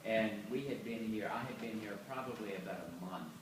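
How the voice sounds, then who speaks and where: A man giving a halting tribute at a party, pausing with uhs and a cough. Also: on the low side. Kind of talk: informal speech at a party. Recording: echoey hall, mic far off, party noise.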